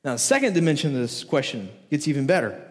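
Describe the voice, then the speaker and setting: A high-pitched male pastor preaching with emphatic repetition, coming back again and again to the same rhetorical question. His voice carries through a large church hall with a long, lingering reverb. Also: sing-song, quick pace. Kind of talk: sermon.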